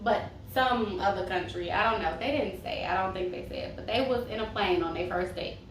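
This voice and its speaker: A woman's voice: mid-range voice, normal speed. A young woman chatting casually as she reviews a reality TV show, sassy and full of tangents. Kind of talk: casual chat. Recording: roomy echo, mic far off, faint hiss.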